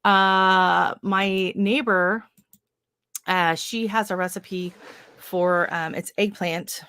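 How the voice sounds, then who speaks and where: A woman's voice: medium pitch, steady tone, drawn-out words, pushed and bright, clean tone, no room sound. A woman hosting a live stream, chatting casually with viewers, greeting them by name and rambling with lots of fillers. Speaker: livestream host. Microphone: livestream setup.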